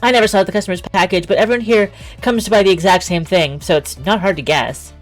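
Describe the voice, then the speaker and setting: A woman's voice: medium pitch, fast talker, soft background music, close to an everyday voice. A woman voicing a frightened young waitress who pleads her innocence in a shaky voice, reading aloud from a game. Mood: subdued.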